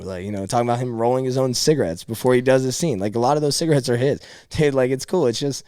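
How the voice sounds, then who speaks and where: A man's voice: mid-range voice, quick pace, few pauses, clean tone, dry recording, clean studio sound. Rambling casual guy telling stories. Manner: rambling, animated storyteller, says dude and bro. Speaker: podcast guest. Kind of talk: casual podcast chat.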